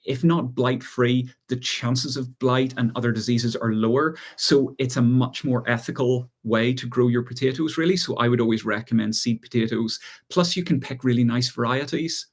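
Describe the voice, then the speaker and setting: Man, Irish accent, casual livestream host, reads viewer questions, relaxed, laughs easily. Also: medium pitch. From Ireland. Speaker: gardening channel host. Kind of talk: casual live chat answering viewer questions.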